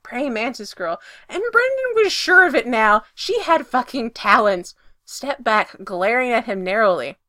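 A woman reading a story aloud with lively, expressive narration that swells when the scene gets exciting. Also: fairly high pitch, a little slow, no echo, studio quality. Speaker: reader.

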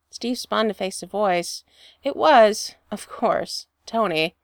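A woman reading a fan fiction story aloud with expressive storytelling. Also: mid-range voice, takes it slowly, dry recording, clean studio sound. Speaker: reader.

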